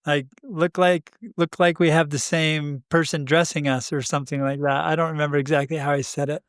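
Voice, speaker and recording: A man's voice: a little high, fairly quick, clear, resonant tone, dry recording. The man speaks in a slightly raised register and tells his story with animation, voicing the other people in it and breaking into laughter. The sound is dry and close, with no room around it. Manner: animated, acts out quoted dialogue, laughs often. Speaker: podcast co-host. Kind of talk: casual conversational storytelling.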